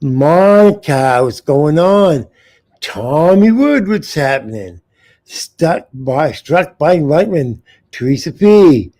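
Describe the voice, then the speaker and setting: A man hosting a live uncensored show, ranting with heavy swearing and calling out to viewers in the chat. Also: fairly high pitch. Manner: loud, profane, talks straight to the chat. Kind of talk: profane live-stream rant.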